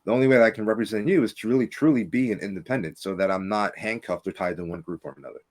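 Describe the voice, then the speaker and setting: Deep-voiced man, animated campaign talk. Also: very fast. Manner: animated, emphatic, rising pitch when making points. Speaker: political candidate, guest. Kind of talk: casual podcast interview.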